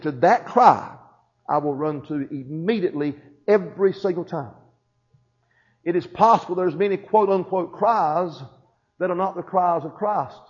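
A man's voice: high-pitched, darkish tone, highs cut off. A man preaching a sermon, building emphasis and calling for responses from the congregation.

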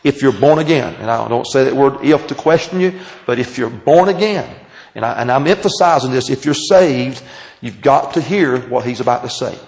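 A man's voice: mid-range voice, lively intonation, vocal fry, darkish tone, low-quality recording. A man preaching and teaching a Bible class, stretching out key phrases for emphasis and asking his listeners questions. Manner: emphatic, drawn-out phrases, asks the audience questions. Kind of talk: sermon. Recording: taped sermon.

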